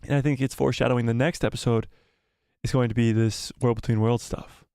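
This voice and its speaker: A man's voice: medium pitch, steady tone, a little fast, mellow, smooth, dry recording, clean studio sound. Hyped-up man hosting a live stream. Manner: breathless, swearing, repeating himself. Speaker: host of a live watch party stream. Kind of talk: excited live-stream chat, reading viewer comments.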